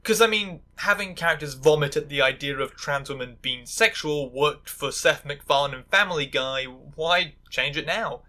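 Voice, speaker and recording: A woman's voice: sits low, moderate pace, hardly any pauses, pushed and bright. A woman giving sarcastic video essay commentary, full of stammering restarts and angry asides.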